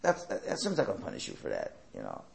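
A man's voice: low voice, huge pitch swings, fast talker, gravelly. A man teaching a Torah class, telling stories and asking rhetorical questions that he answers himself. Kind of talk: lecture with storytelling.

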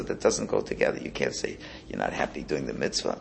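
Male religious teacher, gravelly, very expressive pitch, repeats himself while explaining. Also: brisk, slight background noise. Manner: animated, repeats words, restarts phrases. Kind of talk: Hasidic Torah class.

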